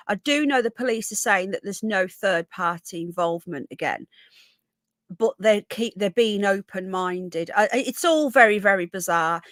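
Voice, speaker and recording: A woman's voice: mid-range voice, fairly bright tone, dry recording. A woman hosting a casual live stream from home, chatty and rambling, often restarting her sentences. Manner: chatty, rambling, self-interrupting. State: coughing. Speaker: livestream host. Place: home room.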